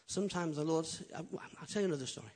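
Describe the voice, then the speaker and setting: A man preaching a sermon as a pastor, animated and humorous, swinging from loud emphatic lines to quiet intimate ones. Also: on the high side, rapid-fire. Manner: humorous storytelling.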